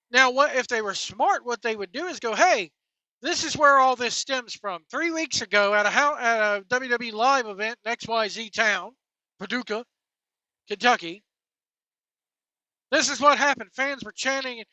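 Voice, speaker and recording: Blunt scornful wrestling ranter, bright-toned. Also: medium pitch, normal speed, pauses often, dry recording, lo-fi sound. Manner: blunt, scornful, name-calling. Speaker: wrestling commentary host. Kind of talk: opinionated rant.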